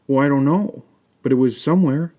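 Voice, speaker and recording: A man's voice: medium pitch, brisk, warm tone, pitched above the performer's own voice, close to an everyday voice. A man voicing a tearful little boy. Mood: upset. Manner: sobbing, plaintive. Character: tearful lost little boy, young child.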